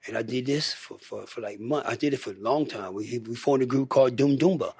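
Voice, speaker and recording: Speaking a little fast in a mid-range, slightly rough voice, with no echo, an older guest musician from Michigan tells stories in a casual interview. He rambles and acts out the quotes animatedly.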